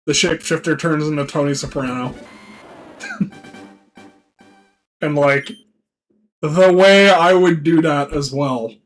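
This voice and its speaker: High-voiced man rambling slowly on stream. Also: soft background music, poor audio. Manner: laughing, crude, rambling. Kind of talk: casual livestream chat.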